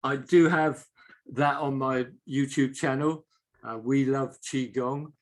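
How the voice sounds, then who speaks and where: A man in a live online chat leads a breathing exercise in a calm, unhurried voice. His voice is mid-pitched and his instructions come step by step. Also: low-quality recording. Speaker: qigong teacher.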